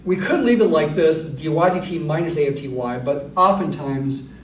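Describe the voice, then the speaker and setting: A man's voice: fairly high pitch, moderate pace, distant mic, slight background noise. Man giving a math lecture in an echoey room. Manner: explains step by step, thinking aloud with asides. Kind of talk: recorded university lecture. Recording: echoey room, voice a little off-mic.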